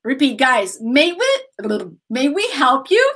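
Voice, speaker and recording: Brazilian woman teaching grammar, slow and high. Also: background noise. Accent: Brazilian Portuguese. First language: Portuguese. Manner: lively, laughs often, drills students with repeat-after-me sentences. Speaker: English teacher. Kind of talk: online grammar lesson.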